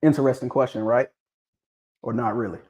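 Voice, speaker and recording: In a casual livestream about dog pedigrees, an animated man with a mid-range voice talks a little fast. He keeps prodding viewers with questions and repeating himself.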